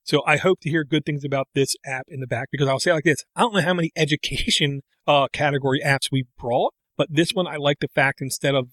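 A middle-aged man in loose conversation, wandering into tangents and restarting his sentences. His voice sits a touch high for a man. It is recorded close and dry, with no room around it. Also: steady tone, fast talker, few pauses, a bit bright, no echo. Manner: rambling, self-interrupting, tangents. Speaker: podcast co-host. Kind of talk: casual chat.

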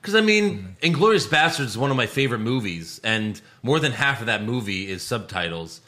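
A man co-hosting a casual chat, relaxed, reading out news items. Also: medium pitch, fairly quick.

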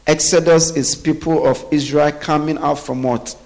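Male preacher, slightly high voice, call-and-response sermon style. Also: fairly even intonation, moderate pace, darkish tone. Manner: asks the congregation to finish his sentences.

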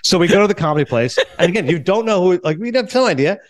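A man in his forties hosting a podcast, telling stories in a casual chat and acting out what others said. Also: sits high. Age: 40s. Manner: animated, acts out others' lines in quick storytelling. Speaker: podcast host.

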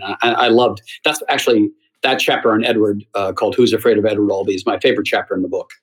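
A middle-aged man, a theater writer and former talk show host, telling a story in an interview, lively with halting restarts. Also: lowish voice, breathy edge, rough recording. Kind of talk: anecdotal interview answer.

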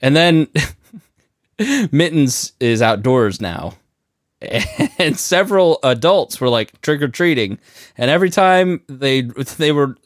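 A man telling funny stories on a podcast, his voice rising high and bouncing lively as he acts out scenes. The sound is close and dry. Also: slow pace, dry recording. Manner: animated anecdotes with frequent laughter. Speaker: podcast co-host. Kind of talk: casual comedic chat.

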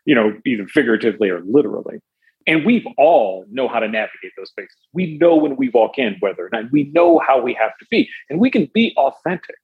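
A man speaking on a panel as an animated storyteller who weighs in on the question. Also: medium pitch, rough recording. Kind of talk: panel discussion.

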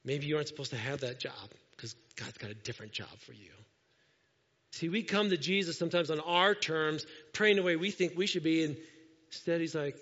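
A man preaching a sermon as pastor to his church, lively and acting out the people he talks about. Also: on the high side, brisk. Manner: animated, acts out quoted voices. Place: church sanctuary. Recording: dull lo-fi sound with long hall reverb.

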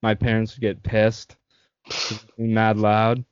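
The host here is a young Canadian man whose lowish, clear, resonant voice comes across completely flat and a little slow, with no room sound. He tells stories to friends in casual chat, laughing often and swearing a lot, in a dull, lo-fi, dry recording.

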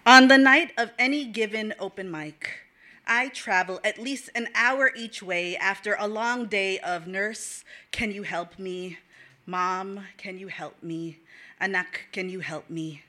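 Woman, bright voice, casual friendly manner, spoken-word poetry. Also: mid-range voice, a little slow. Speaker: poet at an open mic.

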